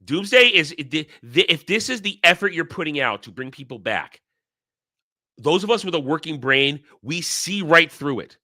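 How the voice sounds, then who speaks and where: A man's voice: a little high, big pitch swings, normal speed, bright, forceful tone, no echo, clean studio sound. A man giving sarcastic, scornful commentary in a rant, often repeating his phrases. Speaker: online commentary host. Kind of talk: ranting commentary.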